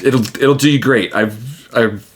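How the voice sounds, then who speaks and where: A man voicing a proud male blacksmith who boasts about his work with a stammering manner, slightly higher than his own voice. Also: unhurried, breathy edge.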